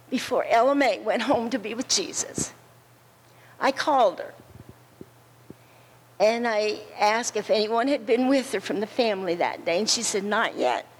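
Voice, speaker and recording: A woman telling an earnest story as a friend at a memorial service, repeating words slowly for weight. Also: a little high, low-quality recording. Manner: earnest, slow and repetitive storytelling. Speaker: friend giving a tribute.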